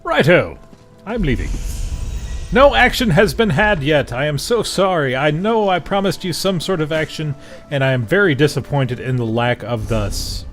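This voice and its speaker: Playful, animated man commenting on a game. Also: on the high side, moderate pace. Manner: silly, sarcastic, sings nonsense. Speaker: gameplay commentator. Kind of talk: playful let's-play commentary. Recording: voice with game music and sounds behind.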